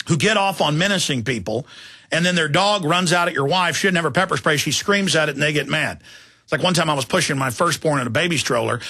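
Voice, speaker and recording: A man's voice: a little high, bright, forceful tone, slightly rough. A middle-aged man hosting a talk radio show, telling rambling, digressive stories in a heated, indignant way.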